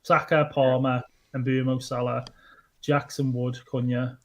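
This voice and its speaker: A man's voice: medium pitch, flat delivery, a little slow. A man co-hosting a podcast in casual chat over an online call, giving directions and laughing easily. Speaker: podcast co-host.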